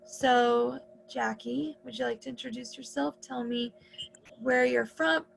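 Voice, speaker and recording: A woman's voice: fairly high pitch, fairly even intonation, unhurried, vocal fry, a little hiss or hum, low-quality recording. A woman hosting an interview, speaking earnestly about her advocacy while she has the hiccups. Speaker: host.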